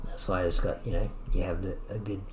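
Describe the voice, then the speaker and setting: A man's voice: low voice, flat delivery, a little fast, over music. A man critiquing a student's animation, explaining his notes thoughtfully while searching for words. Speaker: animation instructor.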